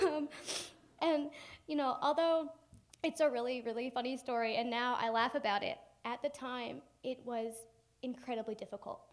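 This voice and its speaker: Animated young woman telling a story. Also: sits high, normal speed. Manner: animated and humorous, acting out family members. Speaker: keynote speaker. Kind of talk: personal storytelling speech. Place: conference hall.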